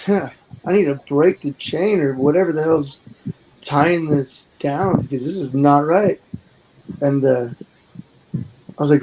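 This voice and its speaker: A man's voice: a little high, unhurried, long pauses, noisy background. A man in his forties, a guest on the show, talking in a rambling, earnest way that often trails off. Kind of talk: casual chat.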